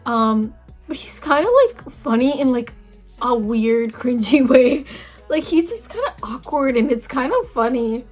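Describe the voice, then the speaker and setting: A woman's voice: on the high side, measured pace, darkish tone, faint music behind. A young woman vlogging a casual storytime, chatty and full of filler words, acting out each conversation. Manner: chatty, valley-girl fillers, acts out dialogue.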